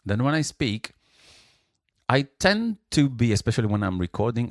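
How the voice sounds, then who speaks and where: A man's voice: medium pitch, very animated, normal speed, no echo, studio quality. A man teaching singing, explaining and demonstrating exercises with sung syllables. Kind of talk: vocal lesson with sung exercises.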